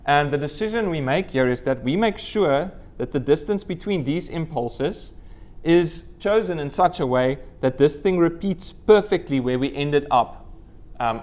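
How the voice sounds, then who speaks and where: A man's voice: fairly high pitch, darkish tone. A man giving a live university lecture, quizzing the class and letting out playful whoops. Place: lecture room with students.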